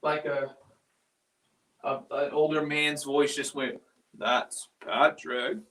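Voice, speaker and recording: A man investigating an old building, talking excitedly and rambling with lots of fillers, sometimes dropping to a whisper. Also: a little high, slow pace. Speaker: paranormal investigator. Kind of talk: live on-location ghost hunt. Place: walking through an old building indoors.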